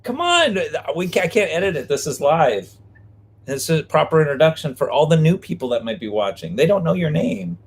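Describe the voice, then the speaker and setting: A man's voice: fairly high pitch, animated, a little fast, gravelly, darkish tone, slightly rough. A man co-hosting a live stream from a parked vehicle, talking casually and playfully, joking with viewers. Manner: playful, jokey, rhyming name games. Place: parked vehicle behind a restaurant.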